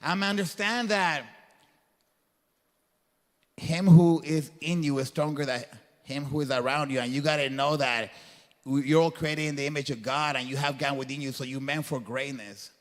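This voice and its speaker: At normal speed and with a voice a little on the high side, a man gives a guest talk to a live crowd in an event hall. It's a motivational faith message, delivered earnestly like a preacher with colloquial phrasing, heard through long hall reverb.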